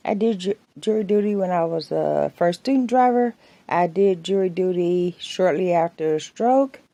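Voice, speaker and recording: Woman, vlogger, casual storytelling, rambling, mellow tone, dry sound. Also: lowish voice, no echo. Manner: chatty, rambling, laughs between anecdotes. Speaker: soap maker and vlogger.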